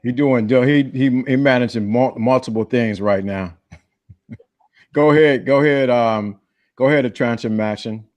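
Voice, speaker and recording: A man's voice: medium pitch, measured pace, a little mellow. A man in a casual group chat on a video call, laid-back and amused.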